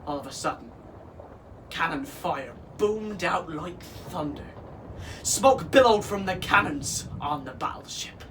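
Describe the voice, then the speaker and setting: A man performing as a pirate king, reading a storybook aloud to children in a slow, expressive way. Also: high voice. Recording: voice from some distance off with faint hiss.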